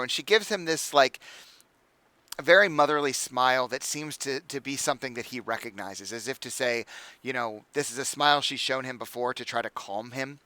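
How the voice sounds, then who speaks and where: A man's voice: medium pitch, moderate pace, sharp tone, clean tone, no echo. A man narrating a tabletop game as game master in a casual, filler-heavy way. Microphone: home microphone, online stream.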